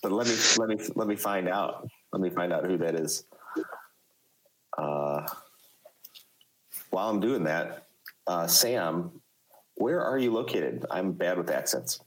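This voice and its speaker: A man with a Chicago accent hosting a casual live podcast chat, talking haltingly with many fillers and restarts. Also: deep voice, animated, slight background noise, rough recording. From United States. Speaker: podcast host.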